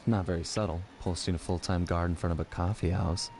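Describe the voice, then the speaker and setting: An actor voicing a laid-back male thief who goes undercover as a guard in a video game, speaking in a relaxed, easygoing way. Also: deep voice, a little fast. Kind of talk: video game cutscene dialogue. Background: faint game music.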